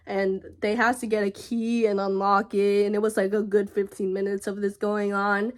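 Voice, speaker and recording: A young woman vlogger telling a personal story in a halting, emotional way, with frequent fillers and pauses. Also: medium pitch, little pitch movement, darkish tone.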